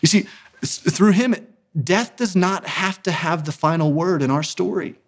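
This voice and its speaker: Man in his thirties, earnest preacher-style speaker, higher-pitched voice, leans hard on key words. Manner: earnest, emphatic, slows down to stress key words. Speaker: ministry founder and speaker. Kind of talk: sermon-style inspirational talk.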